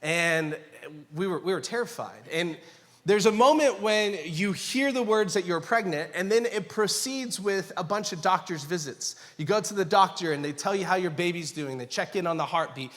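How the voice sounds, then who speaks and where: A man's voice: high-pitched, moderate pace, a bit bright. A man in his thirties, a pastor preaching a sermon, telling a family story in a conversational way with self-mocking humor and acted-out quotes. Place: church sanctuary. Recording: long hall reverb.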